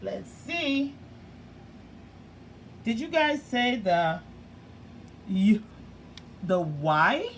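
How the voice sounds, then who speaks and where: A woman who teaches young children, walking them through letter sounds with playful questions and drawn-out sounds. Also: fairly high pitch, sing-song, a little hiss or hum. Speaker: early learning teacher.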